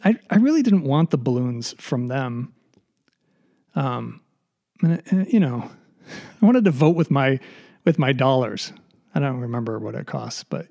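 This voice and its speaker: A man's voice: medium pitch, mellow. Rambling, sarcastic middle-aged man. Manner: rambling and sarcastic, with frequent restarts and swearing; nervous, sighing. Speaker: podcast host. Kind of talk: casual solo monologue.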